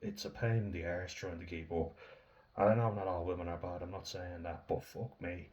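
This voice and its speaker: A man's voice: sits low, little pitch movement, normal speed, darkish tone. A young Irish man from Dublin ranting casually to camera, blunt, swearing freely and laughing as he rambles.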